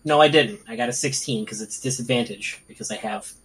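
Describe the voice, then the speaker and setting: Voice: medium pitch, brisk, a bit bright, poor audio. A tabletop game player, talking in a casual, joking and hesitant way.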